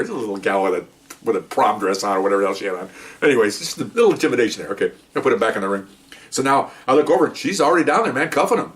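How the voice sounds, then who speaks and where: Retired cop in his sixties, rapid-fire animated storyteller, mic set back. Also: medium pitch. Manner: animated, acts out sounds and voices, frequent "okay" and "you know". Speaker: retired police officer. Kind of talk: casual storytelling. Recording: voice a bit far from the mic.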